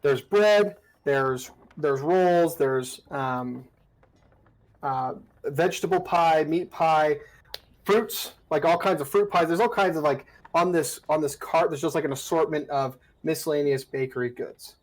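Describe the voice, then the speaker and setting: A man's voice: on the high side, unhurried, low-quality recording. A man narrating as dungeon master in a casual, rambling way, with many fillers and restarts. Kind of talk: narrating a tabletop game.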